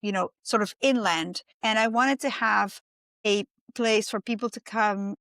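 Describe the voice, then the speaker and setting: Lively woman with a gravelly edge. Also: mid-range voice, measured pace, no room sound. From Argentina. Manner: animated storyteller, acts out quoted voices. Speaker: podcast guest, winemaker. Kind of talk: casual interview talk.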